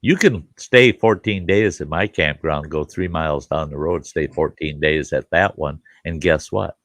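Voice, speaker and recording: A middle-aged man with a very low, gravelly voice spins rambling, profane campfire-style tales in a relaxed live chat. He laughs at his own jokes. The sound is dry and close, with no room echo. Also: normal speed. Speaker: campground host. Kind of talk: casual live chat storytelling.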